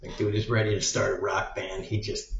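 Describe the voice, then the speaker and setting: A man's voice: on the low side, flat delivery, brisk, creaky. A man rambling in a crude, meandering monologue, swearing often. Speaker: vlogger. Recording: roomy, dull lo-fi sound.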